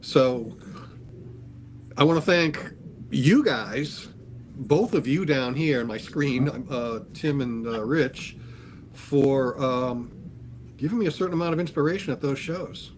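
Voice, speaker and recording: An older man telling a long story in casual talk, animated, acting out the voices of the people he quotes. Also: mid-range voice, slow pace, slight background noise. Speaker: guest artist.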